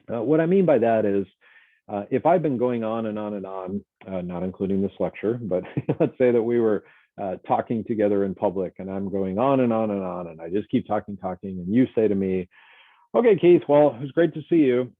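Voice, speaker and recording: A man, a college instructor, giving a relaxed, conversational recorded lecture and acting out little example dialogues. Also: lowish voice, dry recording. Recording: tinny, phone-like dry recording.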